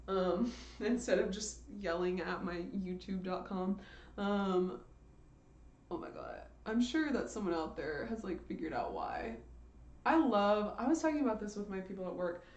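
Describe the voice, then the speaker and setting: A young woman streamer with a darkish, mid-range voice rambles playfully on a casual livestream, her chat full of slang and laughter. She records in her bedroom, which has a large window, and the room sounds echoey.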